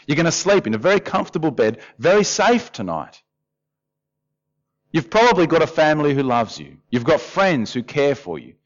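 A man's voice: fairly high pitch, moderate pace, highs cut off. A man preaching a sermon in a conversational way, often acting out voices. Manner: lively, conversational, often acts out quoted voices. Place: church hall.

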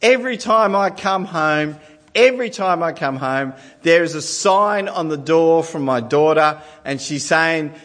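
A man's voice: on the high side, expressive, measured pace, a bit bright, long reverb tail. A man in his forties preaching a sermon, telling family stories with self-deprecating humour. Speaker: pastor.

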